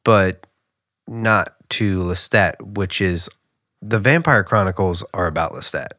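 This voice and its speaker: A man's voice: sits low, measured pace, bright, forceful tone, no echo, studio quality. A young man co-hosting a podcast, chatting casually with playful jokes and teasing interjections. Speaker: podcast co-host. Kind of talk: casual chat.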